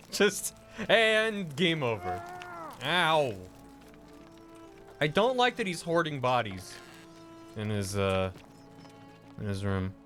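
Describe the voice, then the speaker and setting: A man's voice: on the high side, sing-song, slow, pauses often, a bit bright, soft background music. A man giving jokey, casual commentary while streaming a video game. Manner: jokey, chatty, talks to the game characters.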